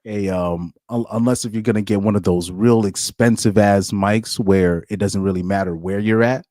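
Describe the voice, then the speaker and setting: A low-voiced man talks in a loose, slangy podcast chat and often chuckles as he makes his points. His voice is recorded close and dry, with no room sound around it. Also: fairly even intonation, normal speed, a little mellow, no echo. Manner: laid-back, slangy, chuckles between points. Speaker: podcast host. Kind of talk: casual chat.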